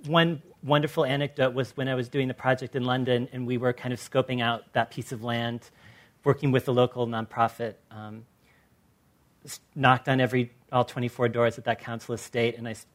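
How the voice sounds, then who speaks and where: An American man with a mid-range voice speaks on a panel discussion. He is an artist recounting his projects, and he tells his stories in an animated way, slipping into the voices of the people he quotes. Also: medium pitch. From Los Angeles. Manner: animated storyteller who acts out quoted people.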